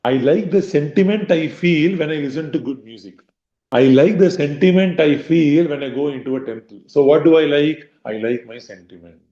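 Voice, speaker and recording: A man's voice: on the high side, mellow. A man giving a devotional scripture lecture in a conversational way, acting out inner voices with many fillers. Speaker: devotional speaker. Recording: roomy, slightly dull recording.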